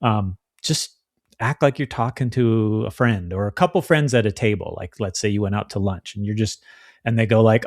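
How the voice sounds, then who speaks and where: A man's voice: on the low side, moderate pace, no room sound, clean studio sound. A man co-hosting a podcast in casual chat, chatty and acting out the voices of people he quotes. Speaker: podcast co-host.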